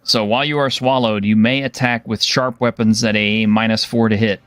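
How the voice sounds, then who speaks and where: A man narrating as game master of a tabletop game, relaxed and chuckling, with lots of fillers. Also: fairly low pitch, moderate pace, smooth, no echo.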